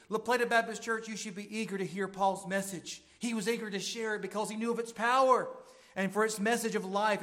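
A middle-aged man preaching a sermon as pastor, swinging from quiet, gentle passages to loud, emphatic exhortation. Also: high-pitched. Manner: preaching with wide swings from hushed to shouting.

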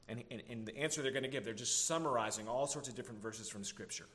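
A man preaching an earnest sermon as a pastor, slowing down to stress key words. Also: mid-range voice, fairly bright tone. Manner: earnest preaching, slows down for emphasis.

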